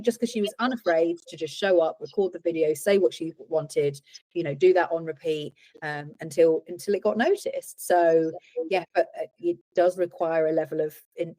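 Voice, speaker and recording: A woman's voice: low voice, dark tone, dry recording, low-quality recording. A woman hosting a podcast as a coach, talking in a reflective way and asking probing questions. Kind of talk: casual podcast conversation.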